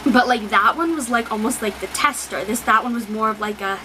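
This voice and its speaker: Young woman, book vlog, rambling casual talk, slightly high voice, faint background hum. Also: fairly quick, bright, forceful tone, poor audio. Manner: rambling, swears freely, many fillers; emotional, near tears. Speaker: book vlogger.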